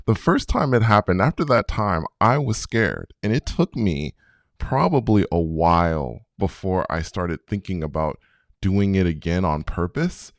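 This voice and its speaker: A man in his fifties, a podcast guest telling a personal story in an animated way and acting out his own past reactions. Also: on the low side, creaky, no room sound, studio quality. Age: 50s.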